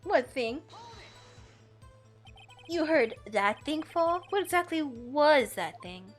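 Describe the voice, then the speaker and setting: A woman's voice: high-pitched, big pitch swings, slow pace, faint music behind, exaggerated voice. Woman reading as an earnest young defense lawyer. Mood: probing.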